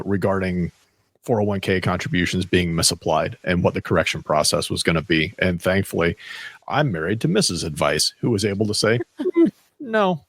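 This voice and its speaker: A male podcast co-host with a lowish voice, recorded dry and close. He talks in a measured, explanatory way during casual chat. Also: fairly bright tone, dry recording.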